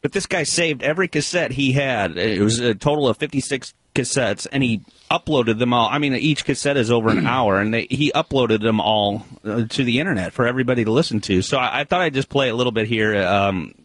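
A male radio regular tells a story in casual studio chat, pausing often and restarting his sentences. His voice is close-miked and dry, with a middle pitch. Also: dry recording. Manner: hesitant, many fillers and restarts. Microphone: studio microphone.

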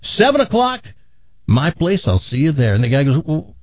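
A man hosting a radio talk show, telling a long joke in a casual, animated way, his jaw sore after dental work. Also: medium pitch, brisk, dry recording, muffled recording. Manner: animated joke-telling, laughs at own story.

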